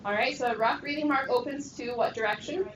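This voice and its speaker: Heard from a distance in an echoey classroom, this Greek lesson has a woman guiding students through pronunciation drills with encouraging call-and-response. She speaks quickly in a high-pitched, fairly bright voice, with a little hiss or hum underneath.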